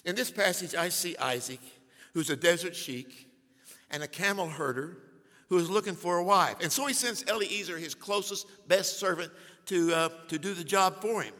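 Bright-voiced older pastor preaching in a hall. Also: male voice, sits high, normal speed. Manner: humorous storytelling with big swings from hushed to loud. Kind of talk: sermon. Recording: long hall reverb.

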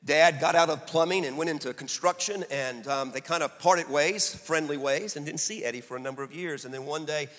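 A middle-aged man delivers a sermon story in a bright, forceful voice that sits a little high for a man. He drops to a hush and then climbs to emphatic peaks. The sound rings with the long echo of a large hall. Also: fairly quick, hardly any pauses. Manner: animated, swinging from hushed to emphatic. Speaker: preacher. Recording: echoey hall.

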